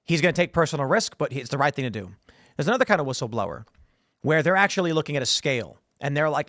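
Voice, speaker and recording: Quick-talking podcast host, dry sound. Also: male voice, fairly high pitch, sing-song, a bit bright, dry recording. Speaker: show host. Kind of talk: podcast discussion.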